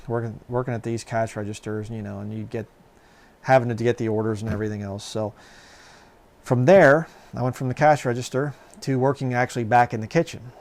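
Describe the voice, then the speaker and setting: Man, middle-aged, gravelly, rambling casual storytelling, lots of fillers. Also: medium pitch, steady tone, a little fast, a little mellow. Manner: rambling, many fillers and restarts. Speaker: channel host.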